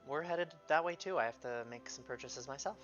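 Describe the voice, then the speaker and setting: A man playing his character in a tabletop game, polite and measured. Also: mid-range voice, music in the background. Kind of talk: in-character tabletop role-play. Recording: dull lo-fi mic.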